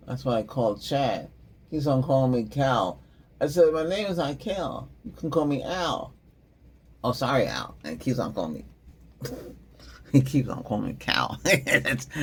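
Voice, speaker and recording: Chatting loosely on his tech channel, this middle-aged host rambles, laughs a lot, and drifts off mid-thought. He has a mid-range voice with a breathy edge.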